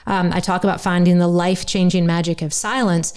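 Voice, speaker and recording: A woman from the United States with a slight North Carolina twang, hosting a podcast in earnest, animated conversation. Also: on the low side, a little fast, clean tone. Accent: North Carolina Southern. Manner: earnest, animated, many restarts. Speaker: podcast host.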